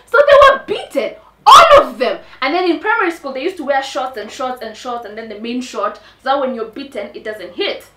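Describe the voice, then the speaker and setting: A young Kenyan woman tells a comic tale from her own life, playing every beat for drama. Her voice sits high and sharp. She is heard from some distance in a roomy, echoing space. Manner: dramatic, animated. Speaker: storyteller on a talk show. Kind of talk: comedic personal storytelling. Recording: echoey room, mic at a distance.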